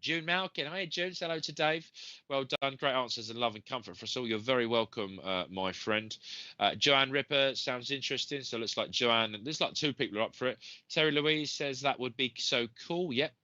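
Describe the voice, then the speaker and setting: A man's voice: mid-range voice, moderate pace, pushed and bright, dry recording. A man, a psychic medium, hosting a live stream and chatting to viewers with many fillers and name greetings. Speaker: psychic medium and show host. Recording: dull, slightly lo-fi stream audio.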